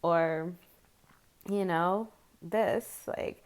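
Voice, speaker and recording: A woman's voice: fairly low pitch, very slow, clear, resonant tone. A woman in her forties, chatting casually to camera as a tarot video creator, rambling and chatty, with frequent giggles.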